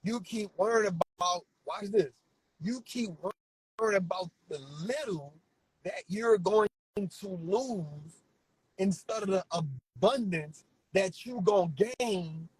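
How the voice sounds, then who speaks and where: A man's voice: high voice, takes it slowly, husky, dry recording, poor audio. A man, giving fervent, repetitive motivational preaching to his viewers. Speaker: vlogger.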